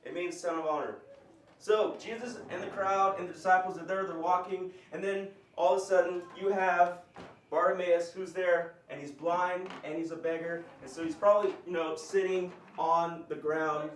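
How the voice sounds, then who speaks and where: A man's voice: high voice, fairly even intonation, normal speed, slight background noise. A man teaching a conversational bible lesson, explaining and asking his group questions. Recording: roomy, distant mic.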